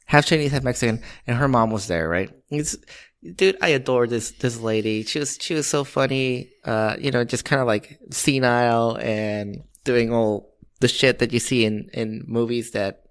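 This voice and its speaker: A man co-hosts a casual podcast, rambling through an anecdote full of restarts and swearing. His mid-range voice carries a steady gravelly fry. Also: mid-range voice, moderate pace. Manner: rambling, profane, restarts often. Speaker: podcast co-host. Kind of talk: casual storytelling chat.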